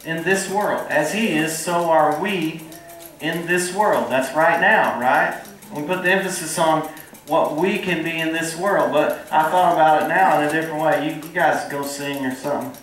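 A man's voice: on the high side, normal speed, fairly bright tone. A man preaching a sermon in a folksy, earnest way and drawing responses from the congregation. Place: church hall. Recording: echoey hall from far off.

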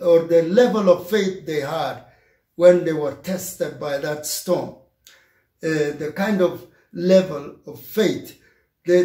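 A man preaching a sermon as pastor, slow and emphatic, repeating his phrases for weight. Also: sits high, darkish tone, echoey room.

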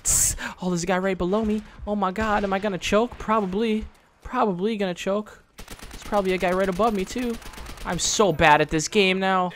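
A man giving live gameplay commentary, excitable and trash-talking, with sudden frustrated outbursts. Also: high-pitched, a little fast, slight background noise. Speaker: gaming channel host.

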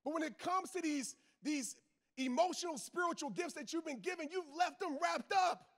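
A man with an extremely high, slightly bright voice speaks at a moderate pace, delivering a motivational speech to a live audience. A football coach and father, he's emphatic and preachy, addressing the crowd directly in casual Southern slang and repeating his key lines.

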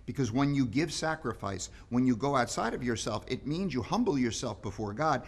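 A man's voice: mid-range voice, animated, a little fast, hardly any pauses. A man speaking as a priest, giving an earnest daily reflection and reading scripture, sometimes repeating words as he presses a point.

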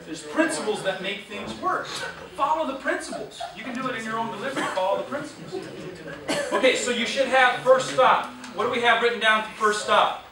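A man's voice: extremely high pitch, brisk, recorded from a distance, crowd noise. A man running a sales training class, telling stories and quizzing his trainees. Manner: lively storytelling, quizzes the class. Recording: echoey room, recorded from afar.

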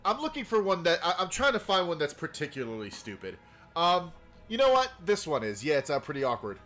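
A man streaming a game and chatting casually in a goofy, rambling way. His voice is bright and a bit high, with lively swings in pitch. Faint game music plays behind him. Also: a little fast. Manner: goofy, rambling, laughing often. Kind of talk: casual let's-play chat.

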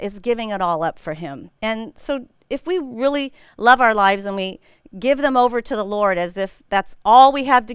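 A woman's voice: medium pitch, clear, resonant tone, no echo, studio quality. A middle-aged woman leading a women's Bible study, talking casually and telling stories with frequent laughs. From United States. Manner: animated storytelling with frequent laughs.

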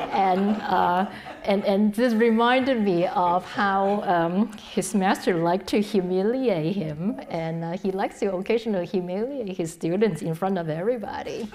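A middle-aged woman Dharma teacher giving a Buddhist talk, halting and full of restarts, often dropping to a soft near-whisper. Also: mid-range voice. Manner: halting, with many restarts and fillers.

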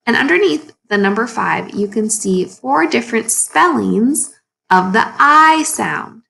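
A woman teaching a phonics lesson to young children, sounding words out slowly and asking the class encouraging questions. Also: on the high side, expressive, creaky, sharp tone. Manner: slow, exaggerated sounding out of words.

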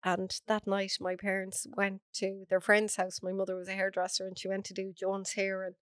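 A woman's voice: mid-range voice, completely flat delivery, moderate pace, no echo. An Irish woman, a podcast guest, earnestly recounting a personal story in close detail. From Ireland.

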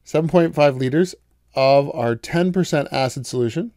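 A man's voice: fairly high pitch, moderate pace, darkish tone, no room sound, clean studio sound. A man giving a recorded college math lecture, explaining each step patiently and asking the class questions as he goes.

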